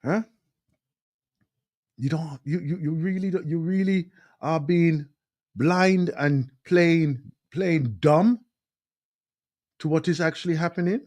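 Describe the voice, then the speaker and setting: A man's voice: fairly high pitch, slow pace, long pauses, a little mellow, dry recording. A man hosting a live talk radio show, delivering an impassioned monologue and repeating phrases for emphasis.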